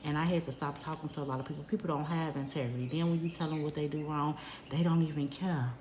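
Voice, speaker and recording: Low-voiced woman telling a heartfelt story. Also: brisk, echoey room, a little hiss or hum. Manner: animated, conversational, heartfelt. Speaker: vlogger. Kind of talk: casual storytelling to viewers.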